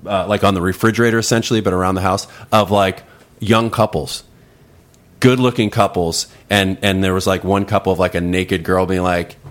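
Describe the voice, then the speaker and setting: A man's voice: sits low, flat delivery, a little fast. A man telling a long story casually on a podcast, rambling with restarts and putting on voices for the people he quotes. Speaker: podcast guest.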